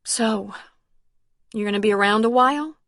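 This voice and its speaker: An emotional, bossy older sister speaks a notch higher and brighter than the narration, pointed and teary, as a woman narrator puts her on. The recording is dry and close-miked. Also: normal speed, dry recording. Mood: softened. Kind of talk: audiobook character reading.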